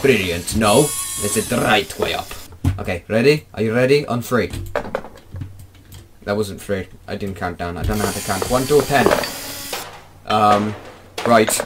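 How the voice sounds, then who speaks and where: A man's voice: fairly low pitch, expressive, normal speed. A man giving goofy gameplay commentary, rambling in a silly, sing-song way and slipping in mock accents. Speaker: gaming video creator. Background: loud game music.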